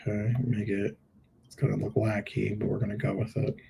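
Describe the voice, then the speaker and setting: A middle-aged man with a fairly low, gravelly, dark voice speaks fairly quickly in a flat delivery, over a little hiss or hum. Hosting a live screen-share critique of product listings, he jokes around and thinks aloud while editing images.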